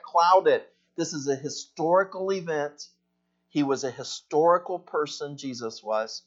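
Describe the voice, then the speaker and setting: A man preaching a sermon in a slow, emphatic way that swells louder in passionate stretches. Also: fairly high pitch, muffled recording. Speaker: pastor.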